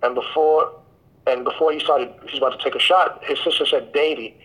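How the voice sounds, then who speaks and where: A man's voice: on the high side, fairly even intonation, fairly quick, a bit bright, slightly rough, low-quality recording. A male author casually retelling his story, rambling with frequent restarts. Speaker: guest author.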